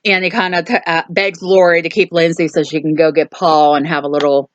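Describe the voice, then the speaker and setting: A woman's voice: low voice, flat delivery, a little fast, no echo, muffled recording. A woman hosting a casual movie recap, rambling along with lots of ums and so. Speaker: host.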